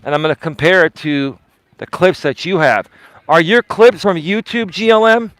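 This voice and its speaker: A male livestream host talks directly to his chat on a casual stream, sounding emphatic and defensive, repeating himself for effect and firing off pointed questions. His voice is a little high and fairly bright, at a moderate pace with no echo.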